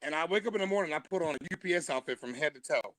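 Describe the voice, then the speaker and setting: A man's voice: fairly high pitch, expressive, very fast, fairly bright tone, no room sound. A man, a stand-up comedian, telling a long comic story on a live stream and laughing through his punchlines.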